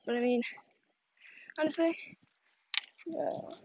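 A young woman talks into her phone while walking outside, rambling through gossip with plenty of fillers. Her voice sits high. The recording is a bit muffled and lo-fi, with faint noise behind her. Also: slow. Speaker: vlogger. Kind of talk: casual fake phone chat while walking. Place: outdoors on a neighborhood walk with a dog. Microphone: phone held while walking.

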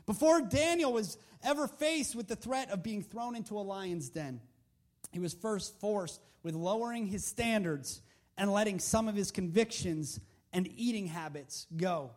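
A male preacher with a strikingly high voice gives a casual, conversational sermon into a handheld mic. He leans on rhetorical questions and emphatic repeats to drive points home. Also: measured pace, darkish tone.

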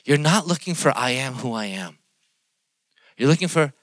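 Young man, pastor, bright forceful voice, dry close sound, loud-then-soft preaching. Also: medium pitch, lively intonation, moderate pace, pauses often, no room sound. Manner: dynamic preaching, swinging between loud emphasis and quiet asides. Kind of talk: sermon.

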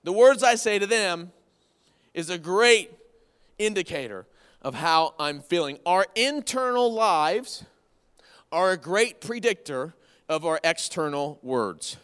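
A man's voice: high voice, lively intonation, slow, fairly bright tone, smooth. A man in his thirties preaching a conversational sermon, folksy and repeating key phrases for emphasis. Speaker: pastor. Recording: long hall reverb from the room.

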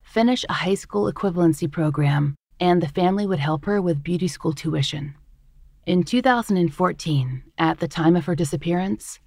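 A woman host reading scripted true-crime narration in a measured, even way. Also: fairly low pitch, creaky, no room sound, studio quality.

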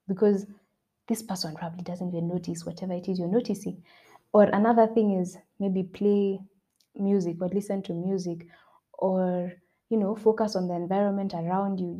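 A young woman speaks directly to her listeners in a motivational self-help talk, earnest and encouraging. Her voice is mellow and soft-edged, and she leans on repetition to drive each point home. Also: mid-range voice. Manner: earnest, repeats points for emphasis. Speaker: podcast host.

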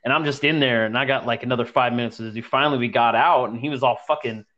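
A man's voice: medium pitch, fast talker, dull audio. A young man casually telling a story to friends, profane and slangy, acting out the people he describes. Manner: profane, slangy, animated retelling.

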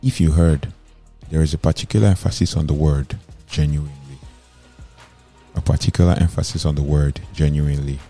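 A man's voice: extremely low pitch, steady tone, brisk, mellow. A man gives an earnest self-help talk point by point, sometimes restarting words mid-sentence. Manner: earnest, advising, numbered points. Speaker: motivational speaker. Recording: faint music underneath.

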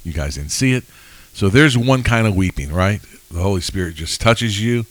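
A man's voice: on the low side, lively intonation, normal speed, no echo, low-quality recording. A man co-hosting a podcast Bible study, talking earnestly and personally with frequent restarts. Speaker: podcast co-host. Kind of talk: casual Bible study chat.

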